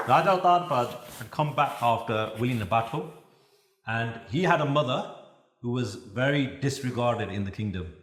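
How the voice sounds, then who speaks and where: A man giving a religious talk at a youth camp, telling stories in an animated way and chanting verses. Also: mid-range voice, moderate pace, echoey room. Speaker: Sikh preacher.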